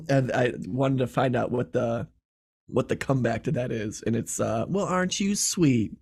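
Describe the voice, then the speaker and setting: A man's voice: medium pitch, steady tone, a little slow, vocal fry, warm tone, slightly rough. A man from Michigan with a Michigan accent, a podcast guest who rambles with lots of fillers and laughs often. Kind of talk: casual chat.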